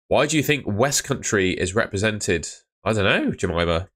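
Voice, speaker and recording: A man's voice: on the low side, expressive, normal speed, fairly bright tone. A young man chatting casually on a live stream, answering viewers' comments about fantasy football. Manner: chatty, reads out chat comments.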